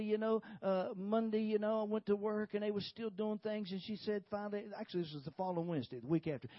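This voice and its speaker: A man's voice: sits high, no echo, muffled recording. A man preaching a sermon, telling a story with many repeated "he said"s and hallelujahs. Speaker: pastor.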